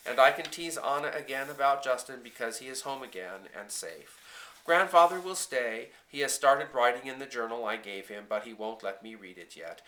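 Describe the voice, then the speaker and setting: Male audiobook narrator, bright tone, gentle measured first-person storybook reading, soft phrase endings. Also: medium pitch. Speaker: audiobook reader.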